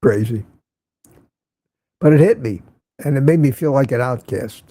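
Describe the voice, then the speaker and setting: A man's voice: medium pitch, expressive, a little slow, dark tone, breathy edge, no echo. An older man hosting a casual morning livestream, greeting viewers by name and rambling sarcastically. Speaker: livestream host.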